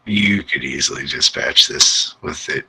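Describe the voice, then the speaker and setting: A man's voice: very deep voice, unhurried, bright, forceful tone, husky, poor audio. A man narrating a tabletop game as game master, casual and chuckling often.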